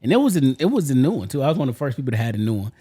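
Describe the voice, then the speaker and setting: A man's voice: mid-range voice, big pitch swings, racing, dark tone, slightly rough. A man co-hosting a podcast, telling a story in a laid-back, slangy way and laughing along. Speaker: podcast co-host. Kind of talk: casual chat and storytelling.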